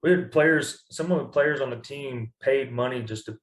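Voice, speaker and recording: A man's voice: medium pitch, normal speed. Rambling young man in an echoey room. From Kentucky, US. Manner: rambling, full of "like" and restarts. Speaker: baseball pitcher, guest. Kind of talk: casual storytelling interview.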